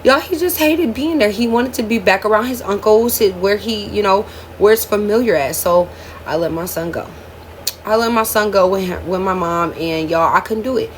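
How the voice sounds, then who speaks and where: A woman's voice: medium pitch, normal speed, a little hiss or hum. Candid young woman telling her story. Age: 20s. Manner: emotional, candid, addresses viewers as "y'all". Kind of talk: storytime vlog, casual chat to viewers.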